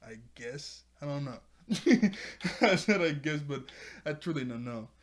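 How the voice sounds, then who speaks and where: A man's voice: fairly high pitch, normal speed, fairly bright tone. A man reviewing a cartoon episode in a casual, rambling video chat, laughing often as he talks.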